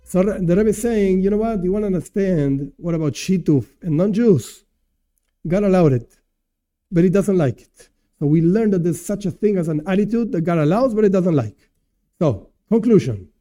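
A man's voice: high voice, normal speed. A man giving an informal Torah lesson, explaining a commentary line by line and asking and answering his own questions. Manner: animated, explanatory, asks and answers himself. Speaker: Torah teacher.

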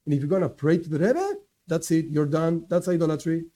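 A man's voice: on the high side, a little fast, dark tone. A man giving an informal religious lecture, emphatic and conversational, repeating his key points and answering imagined objections. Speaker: teacher giving a class.

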